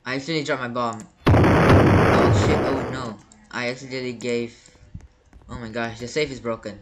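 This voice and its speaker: A man's voice: mid-range voice, steady tone, normal speed. A man giving gameplay commentary as a YouTuber, panicky and stammering, repeating words over and over. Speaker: gaming YouTuber.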